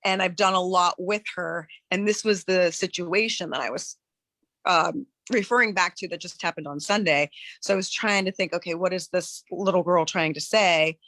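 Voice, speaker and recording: A woman on a live coaching call, talking in an earnest, searching way with many halting restarts. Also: lowish voice, a bit bright, dry recording. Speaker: coaching client.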